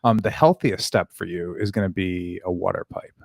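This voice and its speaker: A man co-hosting a podcast, explaining things in relaxed casual chat that trails off quietly. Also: sits low, moderate pace, vocal fry, dry recording, studio quality. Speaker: podcast co-host.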